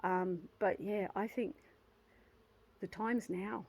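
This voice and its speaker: A woman in her fifties talks straight to camera in a casual motivational vlog. Her voice sits at an ordinary mid pitch. She speaks earnestly and from the heart, circling back and restarting her phrases as she works her thoughts out aloud. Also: fairly even intonation, slow, slightly rough, low-quality recording. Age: 50s. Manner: earnest and heartfelt, with frequent restarts and soft laughs. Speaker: channel host.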